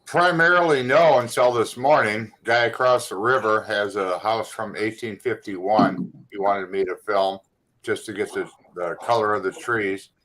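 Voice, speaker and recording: A man's voice: lowish voice, fairly even intonation, moderate pace, a bit bright, low-quality recording. A man chatting on a casual panel, plain-spoken and full of questions. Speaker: panel guest.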